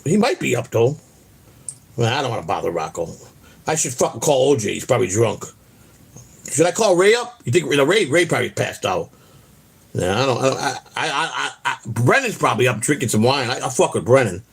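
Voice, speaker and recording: A man's voice: mid-range voice, very animated, brisk, gravelly, husky. A middle-aged man hosting an online show, ranting in a rambling, profane, heated way. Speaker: host. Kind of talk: casual ranting chat.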